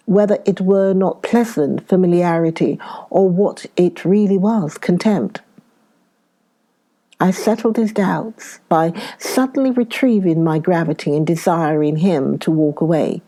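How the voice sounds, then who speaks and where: A woman reading a classic novel aloud in a slow, deliberate, expressive first-person narration. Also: fairly low pitch. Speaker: audiobook reader.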